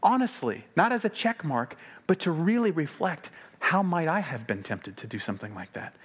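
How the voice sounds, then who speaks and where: A man preaching a sermon in a conversational way, slowing to quiet emphasis and then speeding up when animated. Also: on the high side, slightly rough. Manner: conversational, shifts between slow quiet emphasis and quick animated delivery.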